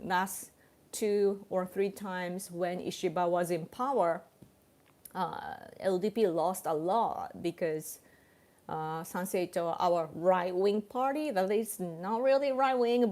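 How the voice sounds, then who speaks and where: Slow-talking Japanese woman chatting. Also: on the low side, a little mellow. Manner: chatty, many fillers and restarts, laughs often. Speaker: livestream host. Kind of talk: casual livestream chat.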